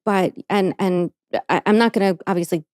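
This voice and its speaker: A woman's voice: medium pitch, steady tone, darkish tone, no room sound, studio quality. Hyper, giggly woman podcast co-host. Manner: hyper, giggly, quick to jump in. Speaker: podcast co-host and case researcher. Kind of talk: casual podcast banter.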